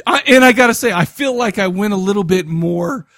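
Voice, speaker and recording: A man co-hosting a casual podcast, excitable and profane, full of stammered restarts and laughter. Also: high-pitched, fairly quick, no room sound, studio quality. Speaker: podcast co-host.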